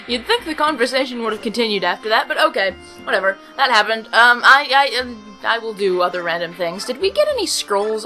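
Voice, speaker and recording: A woman's voice: mid-range voice, sharp tone, rough recording. A woman hosting a let's play, giving casual rambling commentary with self-mocking asides.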